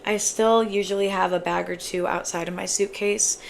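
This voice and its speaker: A woman's voice: medium pitch, fairly even intonation, normal speed, creaky, a little hiss or hum. A young woman co-hosting a casual podcast, talking in a loose, chatty way with lots of "like" and some casual swearing. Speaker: podcast co-host. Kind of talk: casual chat.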